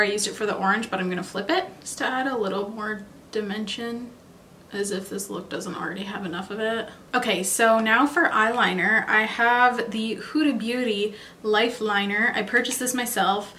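A chatty woman talks her way through a makeup routine, thinking aloud as she goes. Her voice sits at a medium pitch, with a faint hiss of noise behind it. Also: a bit bright. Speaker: beauty vlogger. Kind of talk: casual makeup tutorial chat.

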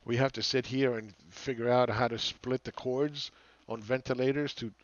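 A man's voice: medium pitch, steady tone, normal speed, no echo, muffled recording. A man hosting a market commentary channel, ranting sarcastically with exasperation and repeating phrases for emphasis. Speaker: market analyst host.

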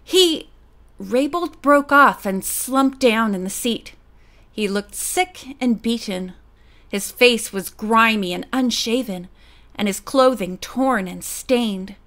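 A woman narrating a mystery audiobook with a lively, expressive reading. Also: fairly high pitch, slow pace.

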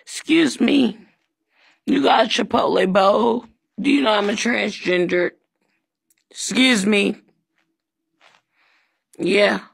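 A fussy customer with a drawling, mock-polite way of ordering, keeps saying "excuse me", as a woman puts her on. The speech is slow and gravelly, dragged out with a husky creak. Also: medium pitch, no room sound, full character voice.

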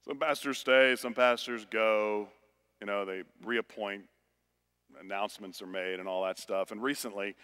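A male pastor preaching a sermon, building to loud, emphatic refrains. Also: on the low side, fairly even intonation, normal speed, clean tone. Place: church sanctuary. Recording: reverberant church hall.

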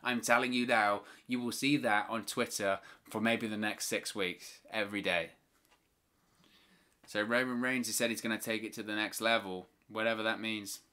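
A man's voice: on the low side, steady tone, moderate pace, sharp tone. A man hosting a live watch-along, giving play-by-play wrestling commentary with opinionated, exasperated asides.

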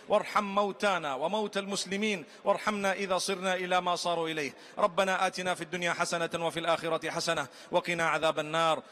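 A man leading Eid prayers, reciting Arabic supplications in a rapid, rhythmic chant. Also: sits high, fairly bright tone.

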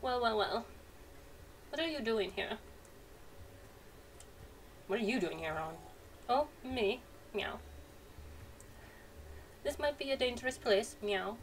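A woman puts on a cagey cat merchant who keeps meowing between his sales pitches, pitched up well above her usual voice. He sounds a touch far from the mic, with faint noise behind him, as in a game playthrough. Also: animated, takes it slowly, pauses often. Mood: sly. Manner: ends sentences with meow.

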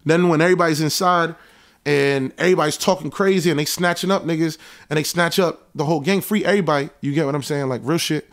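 A young man, casually recounting events in an animated storytelling monologue. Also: fairly high pitch, quick pace. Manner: animated, reenacts conversations in a raised voice. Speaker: show host recounting events.

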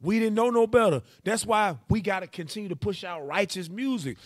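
A man teaching a Bible class in a lively, playful preaching style, drawing responses from the room. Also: high-pitched, a little fast. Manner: animated, playful, calls on readers with "go ahead".

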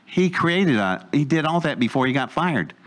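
A man's voice: a little high, very animated, moderate pace, fairly bright tone. An older man telling a rambling, folksy story to an audience, acting out the voices of people he quotes. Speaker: speaker telling his life story.

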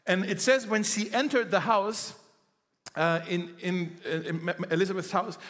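A male pastor preaching a sermon in a conversational, animated way, acting out quoted dialogue. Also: high voice, normal speed, big-room sound. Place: church.

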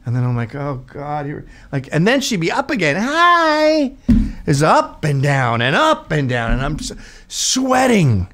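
A middle-aged man hosting a show, telling a story in casual comedic chat, profane and animated, slipping into high squealing voices to mimic others. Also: normal speed. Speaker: show host.

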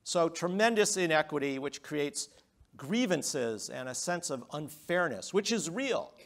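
A middle-aged man giving a public lecture, emphatic, with rhetorical questions and swings between loud and quiet. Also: on the high side, expressive, measured pace. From United States.

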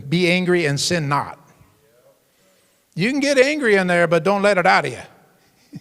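A man's voice: a little high, gravelly, a bit bright, in a large hall. A male pastor preaching to a youth group, emphatic, with frequent call-and-response asides. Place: church hall.

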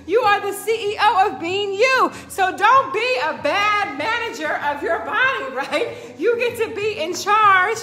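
Very high, bright-voiced upbeat fitness host. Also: female voice, lively intonation, unhurried, few pauses, soft background music. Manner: upbeat and emphatic, tags lines with "right?", repeats phrases; greets viewers by name mid-talk. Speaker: fitness instructor hosting a live workout stream. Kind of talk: motivational live-stream talk.

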